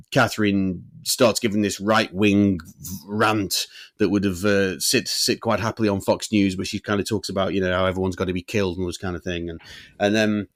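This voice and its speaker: A man's voice: fairly low pitch, no room sound. A man co-hosting a podcast, reviewing a film in a rambling, swearing, casual chat. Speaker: podcast co-host.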